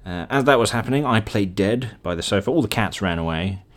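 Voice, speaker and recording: On his podcast, a man recounts a dream in a rambling, chatty way, laughing at himself as he tells the story solo. His voice sits on the low side, is expressive, and runs a little fast.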